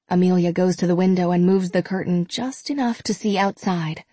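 A woman giving scripted audiobook narration in an even, measured storytelling manner, close to a studio mic. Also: fairly low pitch, breathy edge, no echo.

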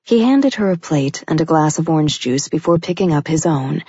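Low, dark-voiced woman narrator. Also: expressive, brisk, breathy edge, no room sound. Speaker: audiobook narrator. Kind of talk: scripted audiobook narration. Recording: dull lo-fi recording.

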